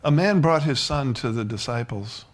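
A man preaching a sermon, building from low, even talk to loud fervor and at times dropping to a whisper. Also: moderate pace.

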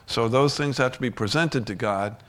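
A man's voice: mid-range voice, normal speed, a bit bright, a little hiss or hum. A male pastor preaching a sermon in a conversational way, often restarting sentences and chuckling.

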